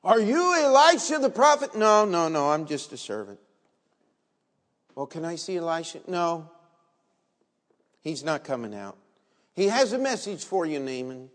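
A man's voice: fairly high pitch, big pitch swings, a little slow, pauses often, a bit bright. A man acting out a humble male servant of a prophet, giving plain, brief replies. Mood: matter-of-fact. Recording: long reverb in a large hall.

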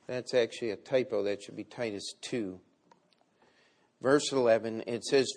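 A man preaching a sermon, with big swings between loud and quiet. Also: mid-range voice, steady tone, moderate pace. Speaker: pastor.

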